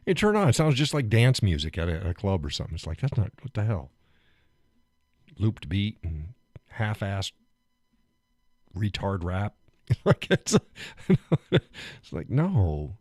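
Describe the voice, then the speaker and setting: A man's voice: on the low side, wildly swooping pitch, measured pace, long pauses, a little mellow, no echo, clean studio sound. A man hosting a live stream, chatting casually, joking, laughing often and getting worked up as he rants.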